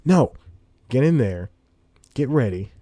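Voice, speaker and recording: A man hosts a podcast, speaking into a studio microphone while wearing headphones. His lowish, mellow voice moves at a moderate pace through a rambling, casual monologue, with laughter between phrases, and the recording is dry.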